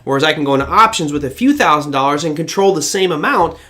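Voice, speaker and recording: A man hosting a live-stream market show, chatting casually with viewers and telling animated stories. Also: a little high, fast talker. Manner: animated storyteller who breaks into impressions. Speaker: trading show host.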